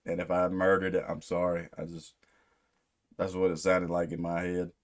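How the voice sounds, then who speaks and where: A man's voice: low voice, completely flat delivery, moderate pace. A man hosting a music reaction video, talking casually and thinking aloud with rambling restarts. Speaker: music reaction channel host.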